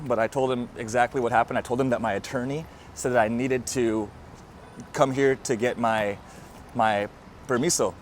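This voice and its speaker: A man from the United States talking casually to his vlog camera outdoors at a border crossing, slangy and relaxed, with lots of "bro" and "dude". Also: medium pitch, a little hiss or hum. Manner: slangy and laid-back, peppered with bro and dude. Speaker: vlogger. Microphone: handheld microphone.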